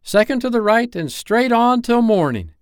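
A man's voice: very high voice, sing-song, normal speed, clear, resonant tone, no echo, clean studio sound, pitched above the performer's own voice, full character voice. A man voicing a cocky, boastful boy who can fly, in an imperious and eager manner for a storybook reading. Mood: commanding.

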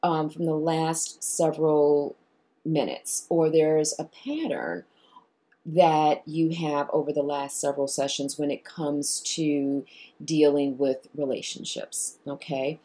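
Low, husky woman therapist talking. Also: slow. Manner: animated, acts out dialogue with clients. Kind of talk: explanatory talk to viewers.

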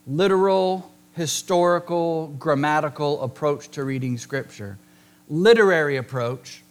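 A man preaching a sermon, speaking conversationally with joking asides and slowing down to stress key words. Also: on the high side. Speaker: pastor.

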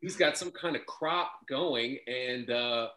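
Bright-voiced man, halting casual chat. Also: medium pitch. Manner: halting, many restarts and fillers.

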